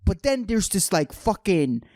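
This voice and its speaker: A man's voice: high voice, very animated, unhurried, mellow, no room sound, clean studio sound. A man hosting his own podcast, ranting solo in an exasperated, profane way with lots of "dude.". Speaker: podcast host. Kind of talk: solo comedic rant podcast.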